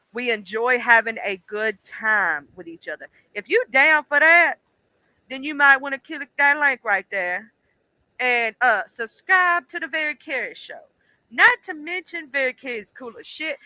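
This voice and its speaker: A woman's voice: on the high side, bright, forceful tone, no room sound, low-quality recording. A woman hosting a livestream, chatting casually and profanely with lots of fillers. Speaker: livestream host.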